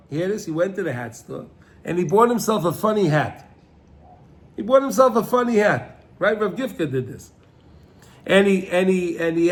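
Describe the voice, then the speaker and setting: A man with a high voice teaches a Torah class in a loose, talky way. He keeps checking in with "right?" and says things twice. Hebrew and Yiddish words come up often as he speaks. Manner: conversational, keeps asking "right?" and repeating himself; mixes in Hebrew and Yiddish terms. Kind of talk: Torah class on the weekly portion.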